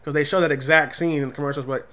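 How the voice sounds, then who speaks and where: A man co-hosting a casual comic review show, talking animatedly and dropping into quick voices when he quotes characters. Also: a little high, steady tone, sharp tone. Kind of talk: casual movie review chat.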